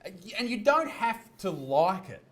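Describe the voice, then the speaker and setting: A man's voice: sits high, very animated, moderate pace, fairly bright tone, slight background noise. A man narrating a commentary video in a sardonic, swearing way. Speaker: comedian in a video being reacted to.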